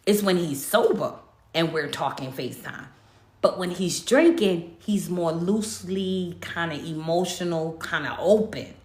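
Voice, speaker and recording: In a casual livestream chat, a woman who streams about spiritual topics recounts something personal, her voice bright, lively and a bit high. She delivers it with animated emphasis and plenty of swearing, all in an echoey room.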